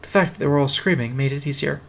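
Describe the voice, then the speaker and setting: A man's voice: fairly high pitch, fast talker, vocal fry, fairly bright tone, a little hiss or hum. A man reading a fantasy fan story aloud on a stream, with a dry, wry delivery. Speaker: reader. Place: home streaming setup. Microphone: streaming mic.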